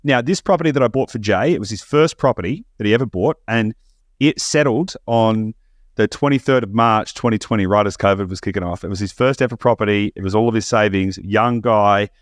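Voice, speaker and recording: A man chatting on a podcast as host, animated and quick, often restarting his sentences. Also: fairly low pitch, no room sound, studio quality. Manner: fast, animated, stumbling restarts. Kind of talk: casual podcast chat.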